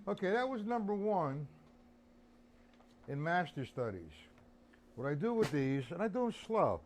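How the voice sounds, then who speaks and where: A tired drum teacher gives a live-streamed lesson in a high-pitched, unhurried voice, with noise in the background. He chats loosely and relaxed, greeting his chat viewers by name.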